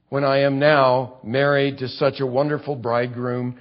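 A man's voice: mid-range voice, level tone, normal speed, hardly any pauses. Earnest preacher man, lo-fi recording. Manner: earnest teaching, rising to fervent emphasis. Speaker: pastor. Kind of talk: expository sermon.

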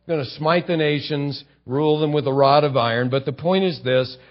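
A man with a somewhat high voice gives a conversational sermon. He acts out quotes along the way and sinks low and soft to land his points. The recording is muffled and lo-fi. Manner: conversational preaching with acted-out quotes and emphatic drops in pitch. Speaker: pastor.

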